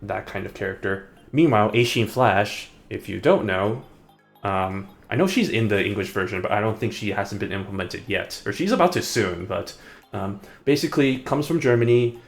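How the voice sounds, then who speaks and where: A man's voice: lowish voice, normal speed, gravelly, soft background music. A man streaming and chatting casually, rambling and hesitating as he corrects himself mid-sentence. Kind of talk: casual live-stream commentary.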